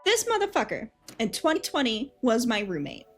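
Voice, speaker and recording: Young woman streamer telling a story, swearing freely, high animated voice over background music. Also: moderate pace. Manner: animated, profane, laughs often while telling. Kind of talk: casual storytelling chat.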